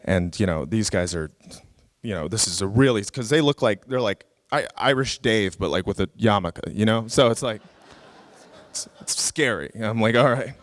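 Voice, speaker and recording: A man's voice: on the low side, expressive, moderate pace, dry recording. A comedian telling a story live, chatty and self-mocking, with frequent fillers and laughs at his own jokes.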